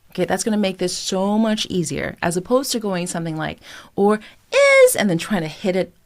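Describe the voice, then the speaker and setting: A woman vocal coach walks through a song line by line, her speaking voice lively and full of pitch movement. She keeps an encouraging tone and breaks off to sing short phrases as examples. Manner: encouraging, demonstrates phrases by singing them. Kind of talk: singing lesson with sung examples.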